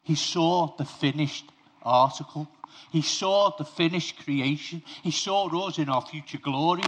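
A man's voice: fairly high pitch, measured pace, a bit bright, slightly rough. A man preaching an informal sermon to his congregation. He talks conversationally, speaks to them directly and tells personal stories.

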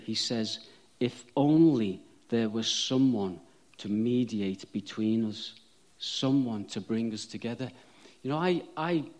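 A man preaching a sermon at an unhurried, deliberate pace. He mixes chatty, self-deprecating asides with fervent emphasis on repeated phrases, and his voice sits at an ordinary middle pitch. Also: a little mellow.

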